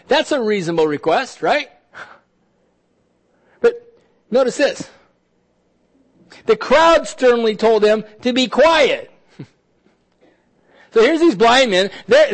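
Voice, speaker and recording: A man preaching a sermon as pastor, animated, often repeating words and dropping to a soft, intense hush. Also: extremely high pitch, takes it slowly, pauses often.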